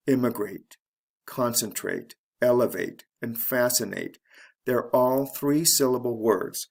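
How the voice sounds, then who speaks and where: Guy with a gravelly voice teaching english pronunciation, slow and careful, repeats each word. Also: mid-range voice. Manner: slow, deliberate, repeats words for practice. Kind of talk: pronunciation lesson.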